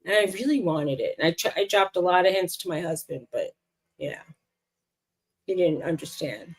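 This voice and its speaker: A woman's voice: fairly low pitch, expressive, normal speed, slightly rough. A middle-aged woman chatting casually with friends on a crafting livestream. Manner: coos and talks baby-talk to her dog. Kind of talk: casual chat.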